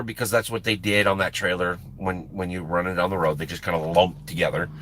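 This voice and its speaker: An American truck driver who hosts a live stream tells a story casually and profanely, animated and laughing often. His voice sits low and runs fairly quick with hardly any pauses, over a little hiss or hum.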